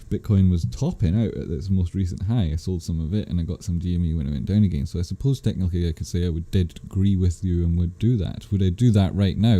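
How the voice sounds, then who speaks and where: A man's voice: low-pitched, mellow. A man hosting a live stream, casually answering viewers' chat questions in a rambling, self-correcting way. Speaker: livestream host answering chat.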